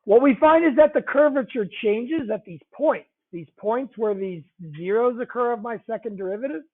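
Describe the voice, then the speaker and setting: A man's voice: extremely high pitch, moderate pace. A man teaching a math lesson, talking conversationally, repeating key phrases and checking in with the class. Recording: tinny phone-like audio.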